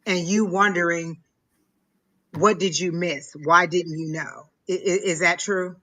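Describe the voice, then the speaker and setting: Woman tarot reader on a live stream, bright voice, keeps stopping and repeating herself. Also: on the low side, steady tone. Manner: emotional, halting, repeats herself. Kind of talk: live psychic reading.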